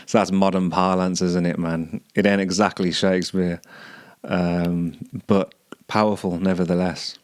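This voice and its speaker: Deep male podcast host, hesitant and musing, dry close sound. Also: level tone, a little slow, dry recording. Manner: hesitant, searching for words, many restarts. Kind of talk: musing commentary on song lyrics.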